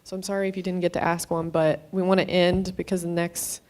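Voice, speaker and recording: A woman moderating a conference Q&A session, brisk and organizing. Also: fairly low pitch, level tone, darkish tone.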